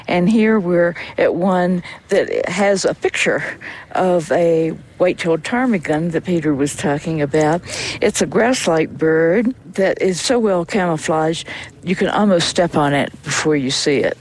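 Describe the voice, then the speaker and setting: A woman naturalist talking casually on a high mountain trail, a little short of breath from the thin air, describing what she sees. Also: darkish tone, a little hiss or hum. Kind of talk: casual outdoor field chat.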